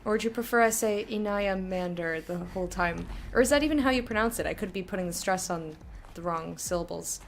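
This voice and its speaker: A woman's voice: fairly low pitch, fairly quick, few pauses, a little hiss or hum. A woman giving casual live commentary while playing a video game, chatty and reactive, often laughing and talking to her chat.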